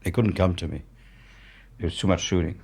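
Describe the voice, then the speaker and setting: Brisk, creaky and husky, with a slightly mellow low voice, he's a guest in conversation. The man, a French war journalist in his seventies, speaks accented English and tells his stories bluntly, matter-of-factly, cursing freely.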